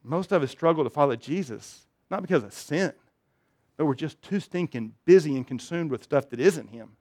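A man's voice: on the high side, animated, normal speed, a little mellow. A man preaching a sermon, telling funny personal stories and building to emphatic appeals. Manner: storytelling, self-deprecating humor, rising emphatic appeals. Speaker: pastor.

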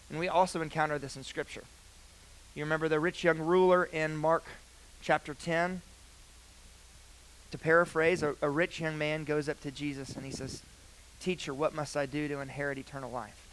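A young man preaching a sermon, earnest, with loud emphatic phrases that drop to quiet, hushed lines. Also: on the high side, a little hiss or hum, rough recording.

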